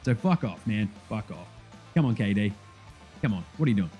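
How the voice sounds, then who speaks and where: Soft background music plays as an Australian man with a fairly low voice hosts a sports podcast at a normal speed. He's excited and casual, laughing and swearing freely throughout.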